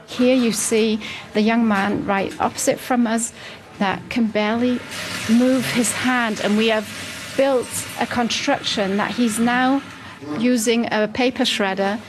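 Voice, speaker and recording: Lady showing folks around a workshop, kinda high voice, earnest, lots of background noise. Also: fairly even intonation, unhurried. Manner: earnest, explaining while guiding a tour. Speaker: head of a workshop. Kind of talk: on-location interview.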